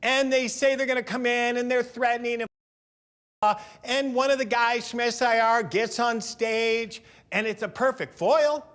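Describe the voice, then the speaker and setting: High-voiced man telling rowdy stories. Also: normal speed, clean tone. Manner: lively, profane storyteller who acts out quotes. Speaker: documentary interviewee. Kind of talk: animated anecdote storytelling.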